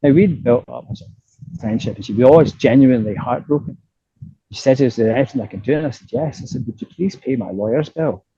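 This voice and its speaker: A man's voice: medium pitch, a little fast, mellow, breathy edge, no echo, lo-fi sound. A middle-aged man with a Scottish accent, a guest in a casual interview, telling stories animatedly, swearing freely and tagging his sentences with "right?". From Scotland.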